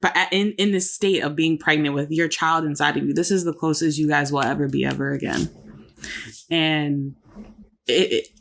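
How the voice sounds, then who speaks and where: A woman's voice: deep voice, steady tone, moderate pace, gravelly, a bit bright, slight background noise. A young woman co-hosting a podcast, talking in an earnest, reflective, casual way. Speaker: podcast co-host.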